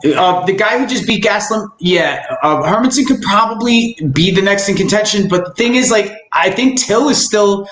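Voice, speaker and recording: Male podcast host, slightly high voice, profane stammering chat, roomy echo. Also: expressive, normal speed, hardly any pauses, fairly bright tone. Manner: rambling, profane, stammering restarts. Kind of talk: casual chat.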